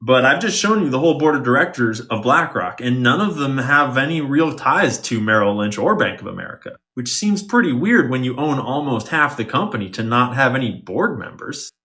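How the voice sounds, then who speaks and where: A man walks through a tangled money trail like an online commentator sharing a discovery. His tone is wry and conspiratorial, and he slips in dry, sarcastic asides. His voice sits at an ordinary middle pitch. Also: big pitch swings, a little fast, hardly any pauses, pushed and bright. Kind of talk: explainer monologue.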